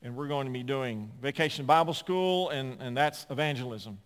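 A man in his sixties preaching a sermon, telling stories and swinging from loud, emphatic points to quiet asides. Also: mid-range voice, normal speed. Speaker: pastor. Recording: long hall reverb.

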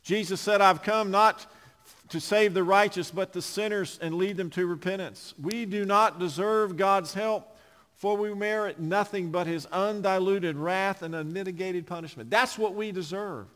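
A man preaching a sermon with impassioned delivery, surging to loud emphasis and dropping to hushed, low phrases. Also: normal speed. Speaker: pastor. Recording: long hall reverb.

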